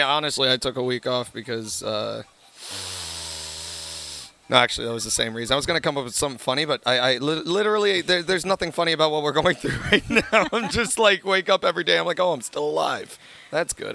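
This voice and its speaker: A man co-hosting a casual chat, telling animated stories and acting out quotes, with loose swearing. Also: mid-range voice, fast talker, gravelly, a little hiss or hum. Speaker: podcast co-host.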